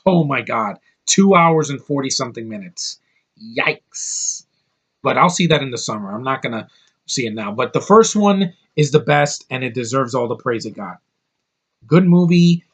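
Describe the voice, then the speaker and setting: A man talks through a movie review in a loose, unscripted way. He is blunt and profane, often stumbling and restarting mid-sentence, at a middling pitch. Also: a bit bright. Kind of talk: casual spoken review.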